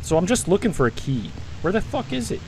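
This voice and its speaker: A man's voice: sits high, big pitch swings, a little fast, background noise. A young man giving live commentary as he plays a game, jumpy and talking to himself with lots of swearing. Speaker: gaming streamer.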